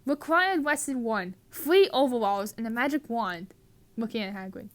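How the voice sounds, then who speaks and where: Brief: giggly woman narrating a silly script, slightly high-pitched. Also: moderate pace. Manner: laughs constantly. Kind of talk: amateur comedic script reading.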